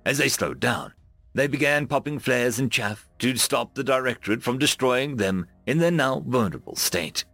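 A man reading a military science fiction story aloud, narrating with a dramatic, lively delivery. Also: medium pitch, normal speed, dry recording, soft background music. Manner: lively, dramatic reading with raised voices for dialogue. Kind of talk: scripted sci-fi story narration.

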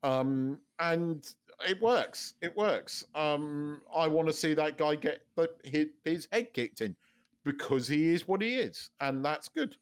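A man chatting on a podcast, his voice sitting a little high for a man. He rambles through restarts, swears freely and breaks into laughter often. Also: animated, slow pace, clean tone. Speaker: podcast co-host. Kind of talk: casual chat.

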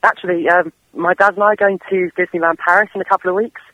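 Fast-talking young English man on a muffled line. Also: high-pitched, steady tone, sharp tone, dry recording. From England. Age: 20s. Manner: eager, talks fast in long run-on sentences. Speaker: caller. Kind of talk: casual call-in chat.

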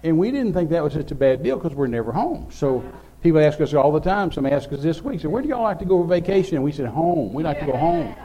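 A man's voice: a little high, sing-song, fast, few pauses, dark tone, slightly rough. An older man, telling a rambling, folksy story as a preacher. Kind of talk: sermon storytelling.

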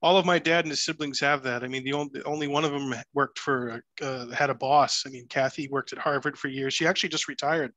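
A man's voice: mid-range voice, steady tone, fast talker, few pauses, pushed and bright, no room sound. A man in casual family chat, rambling and joking, laughing often as he tells stories.

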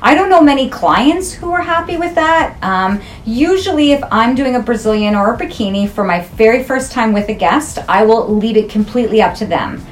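A woman's voice: a little high, lively intonation, moderate pace, hardly any pauses, a little hiss or hum. A middle-aged woman esthetician, talking frankly and jokingly in a casual interview. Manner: frank, jokey and chatty.

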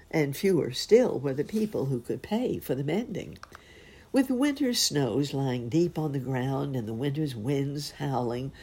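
Storyteller, woman, low husky voice, slow, expressive reading. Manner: expressive and unhurried.

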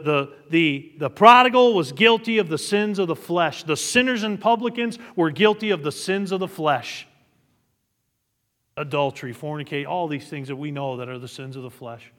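A man's voice: on the high side, bright, forceful tone, long reverb tail. A middle-aged male pastor preaching a sermon, reading scripture aloud and building to emphatic peaks. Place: church sanctuary.

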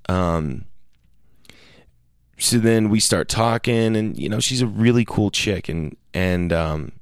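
A man's voice: fairly low pitch, slow pace, clear, resonant tone, dry recording, studio quality. A man telling a long casual story, rambling with many fillers and restarts and quoting people in raised voices.

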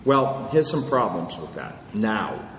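A man's voice: lowish voice, very animated, slow pace, a bit bright. A male author answering audience questions in a conversational, lecturing way, often checking in with "okay?". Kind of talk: live Q&A talk. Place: large hall with audience. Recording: echoey hall, faint noise.

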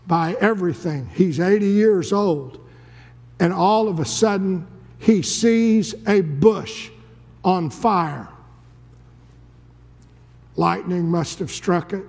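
A male preacher telling a story dramatically in a sermon, dropping to a hush and then rising to a shout. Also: sits high. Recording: long reverb of a large hall.

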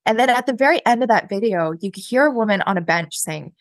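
Lively woman telling a story. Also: medium pitch, fast talker, few pauses, dry recording. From Canada. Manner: chatty, animated, many fillers and laughs. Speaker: guest. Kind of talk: casual interview storytelling.

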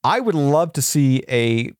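A man's voice: mid-range voice, big pitch swings, a little slow, dry recording. Rambling man with a dry close sound. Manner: rambling, lots of fillers and restarts. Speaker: podcast guest. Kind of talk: casual chat.

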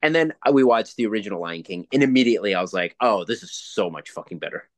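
Profane, animated man in his forties. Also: fairly low pitch, quick pace, no room sound. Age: 40s. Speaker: podcast co-host. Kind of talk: casual chat.

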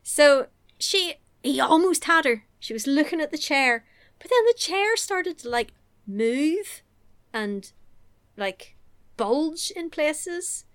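A woman's voice: high voice, takes it slowly. A woman recapping a film in casual chat as a podcast co-host, laughing often and acting out the lines. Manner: animated, laughing, acts out quotes.

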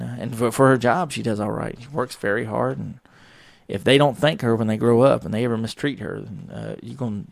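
A man's voice: medium pitch, gravelly, no room sound. A middle-aged man, hosting a podcast and telling wry, profane stories in a rambling way. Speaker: podcast host. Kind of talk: casual solo podcast monologue.

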